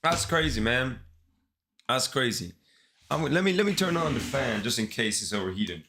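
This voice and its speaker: A man's voice: medium pitch, expressive, moderate pace, pushed and bright. A man with a congested, sick-sounding voice chatting casually to his livestream viewers in laid-back slang. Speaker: live-streaming developer.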